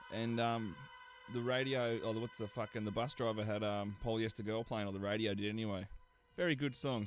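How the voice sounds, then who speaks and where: Rambling, foul-mouthed Australian man. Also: fairly low pitch. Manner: rambling, crude and sarcastic, heavy swearing, many fillers. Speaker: radio show host. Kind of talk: casual profane radio banter.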